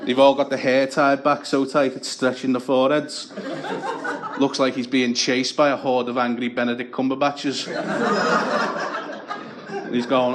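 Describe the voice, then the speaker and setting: Young man, stand-up comedy, dry crude storytelling, unhurried. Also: medium pitch, flat delivery, noisy background.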